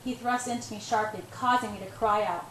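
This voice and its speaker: A woman reading first-person romance narration in a soft, intimate way. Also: mid-range voice, fairly even intonation, a little fast, echoey room, a little hiss or hum, poor audio. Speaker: audiobook reader.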